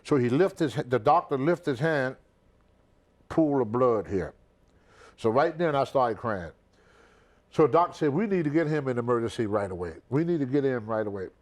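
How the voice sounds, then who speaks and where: An older retired wrestler from the US shares a story during a shoot interview, acting out the others in it and repeating words as he goes. His pitch is medium and his pace moderate.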